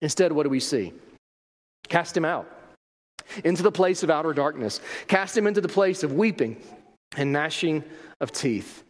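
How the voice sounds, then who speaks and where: Higher-voiced man preaching in a hall. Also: lively intonation, normal speed, long pauses. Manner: emphatic, asks rhetorical questions. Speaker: pastor. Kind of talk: sermon.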